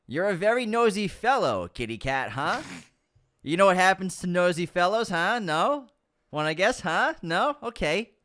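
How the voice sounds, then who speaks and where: A man's voice: high-pitched, very animated, a bit bright, voice pushed up. A man doing a taunting little film thug. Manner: taunting, drawn-out. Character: menacing small male thug, film impression. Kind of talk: movie quote impression.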